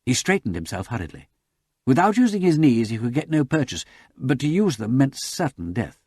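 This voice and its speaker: A man reading a novel aloud as an audiobook narrator, with dramatic, lively narration. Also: medium pitch, brisk, breathy edge, no room sound, clean studio sound. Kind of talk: scripted narration.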